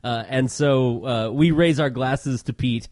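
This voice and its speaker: Male podcast co-host, casual and halting, fills gaps with uh; dry recording. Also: mid-range voice, a little mellow, no echo. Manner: hesitant, fills pauses with uh. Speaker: podcast co-host and quiz master. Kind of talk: casual chat.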